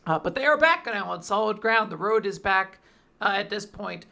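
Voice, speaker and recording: A man co-hosting a casual podcast, excitable, laughing often and swearing casually as he talks over comic chapters. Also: high voice, moderate pace, vocal fry. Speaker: podcast co-host. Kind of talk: casual chat recapping manga.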